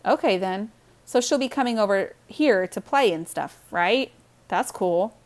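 A woman voicing an excitable young boy who gets upset and then sheepish, in a high, bright voice. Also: measured pace, natural voice.

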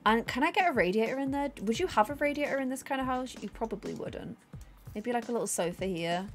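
Bubbly high-voiced woman streamer. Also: fast, soft background music. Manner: chatty, self-deprecating, bursts into excited squeals. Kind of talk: casual livestream chat.

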